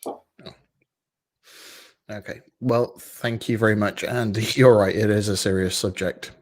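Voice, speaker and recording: A man's voice: lowish voice, steady tone, measured pace. A man hosting an online tech meetup over a video call, playful and self-mocking. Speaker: meetup host. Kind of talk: casual event hosting.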